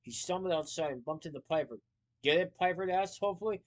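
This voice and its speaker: A man's voice: on the high side, fast talker. Man reading a storybook aloud. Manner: lively with small slips and asides.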